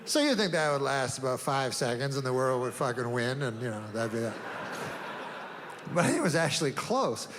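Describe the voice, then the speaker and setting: A man doing a stand-up routine, deadpan and rambling, with long meandering setups and offhand asides. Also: mid-range voice, normal speed, background noise. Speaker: stand-up comedian. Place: comedy stage before a live audience. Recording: live room reverb, faint ambience.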